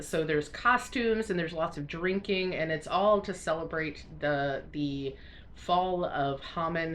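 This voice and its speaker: A crafting vlogger from the United States chats casually to camera in a low, slightly bright voice, rambling with plenty of fillers and restarts. She sounds congested and laughs often in a self-conscious way. A little hiss or hum sits under the audio.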